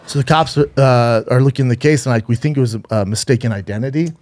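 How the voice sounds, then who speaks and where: Mellow man telling a story casually. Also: medium pitch, fast talker. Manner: rambling, profane, with frequent restarts. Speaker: podcast co-host.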